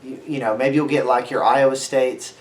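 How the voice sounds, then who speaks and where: A young man co-hosting a sports podcast, ranting loudly with plenty of swearing. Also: medium pitch, steady tone, normal speed, roomy sound. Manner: brash, ranting, heavy swearing. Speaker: podcast co-host. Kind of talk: profane sports podcast banter.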